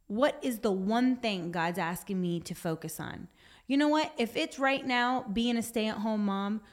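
A woman giving an earnest devotional talk, exhorting her listeners and reading from her notes. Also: mid-range voice. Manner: puts on a whiny voice for effect. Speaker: Christian speaker.

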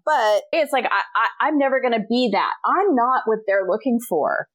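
A woman's voice: a little high, moderate pace. A middle-aged woman, a guest author, telling a personal story in a casual interview and acting out the dialogue. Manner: animated storyteller, acts out quoted dialogue.

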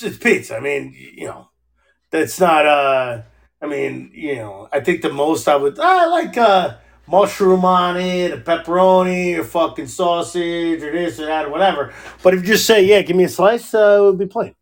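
High-voiced, swearing New Jersey guy. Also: moderate pace, gravelly. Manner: swears constantly, laughs through his stories, rambling. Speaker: podcast host. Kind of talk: casual chat.

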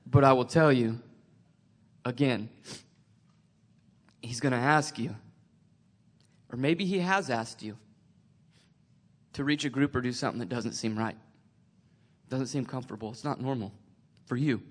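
A man sharing a personal faith testimony, emotional and tearful, halting with many restarts. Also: mid-range voice.

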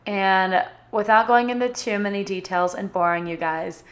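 A woman's voice: mid-range voice, moderate pace. A young woman casually telling a personal story to her viewers, bubbly and chatty, with lots of "like" fillers. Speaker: vlogger.

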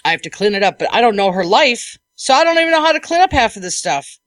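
Animated woman podcast host, dry sound. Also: a little high, fast talker, no echo. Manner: animated storytelling, acts out what people said. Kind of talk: casual podcast chat.

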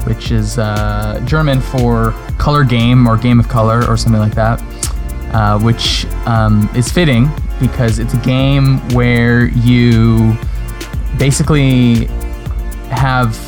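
A man hosting a casual podcast about games, easygoing and agreeable in quick back-and-forth chat. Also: mid-range voice. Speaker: podcast host.

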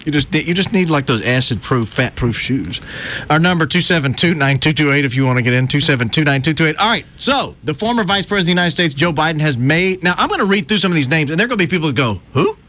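A man's voice: on the high side, lively intonation, fast talker, sharp tone. A man hosting a radio talk show, reading out news with sarcastic jokes and frequent laughter. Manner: sarcastic, jokey, laughs often. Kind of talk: casual radio banter.

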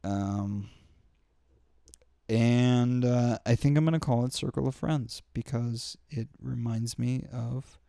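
A man's voice: mid-range voice, steady tone, slow pace, creaky, warm tone, dry recording, clean studio sound. A young man hosting a podcast, talking in a rambling, profane and heartfelt solo rant full of fillers. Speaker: podcast host. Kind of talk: candid solo podcast monologue.

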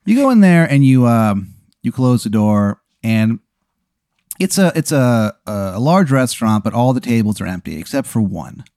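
Laid-back male host narrating a made-up adventure, animated pitch, dry close sound. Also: normal speed, dry recording. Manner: laid-back, rambling, with lots of "like" and casual swearing. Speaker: host and game master. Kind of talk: improvised tabletop-style storytelling.

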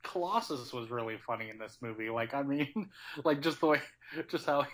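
A young man in casual film chat, animated and laughing often. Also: medium pitch, moderate pace. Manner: animated, laughing, acts out quotes.

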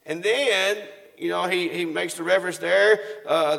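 A man's voice: sits high, unhurried, gravelly, hardly any pauses, fairly bright tone, long reverb tail. A man preaching a sermon, reading scripture aloud and asking the congregation questions that he answers himself.

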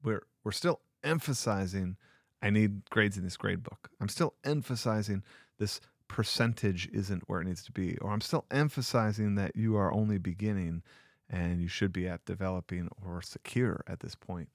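A man's voice: low voice, moderate pace, no room sound. A man who teaches sixth grade, reflecting on his class in an earnest, rambling solo podcast talk on a close mic. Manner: earnest, rambling with restarts and asides.

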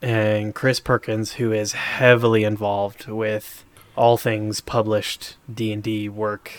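A man co-hosting a podcast, retelling a game moment in a rambling, animated way with many fillers. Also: lowish voice, slow pace. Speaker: podcast co-host. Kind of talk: casual chat.

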